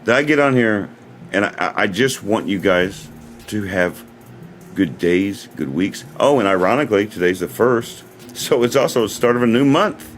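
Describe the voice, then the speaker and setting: Speaking at a normal speed in a lowish, expressive voice, this US livestream host chats casually on his own stream, rambling earnestly and going over the same points again. Slight background noise can be heard.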